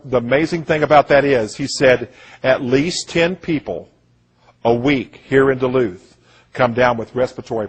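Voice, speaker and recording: Husky-voiced man, earnest preaching monologue, mid-range pitch. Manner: earnest, repeats "listen to me", quotes others in voices. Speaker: speaker giving a presentation. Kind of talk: impassioned monologue, storytelling.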